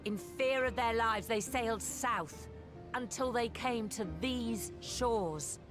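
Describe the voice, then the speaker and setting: A commanding woman admiral from a video game, measured and formal. She speaks over a clear bed of game music. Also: on the high side. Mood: solemn. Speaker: fleet admiral and head of state. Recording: game audio with music underneath.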